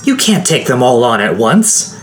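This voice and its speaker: A woman's voice: extremely low pitch, sing-song, moderate pace, slight background noise, voice pushed up. A man voicing a young woman companion who speaks urgently and pleads with the group, in a fantasy audiobook.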